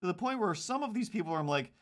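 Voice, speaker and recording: A man's voice: sits high, expressive, racing. A man chatting casually while drawing comics on a stream, rambling with jokey mock outrage and slipping into silly voices.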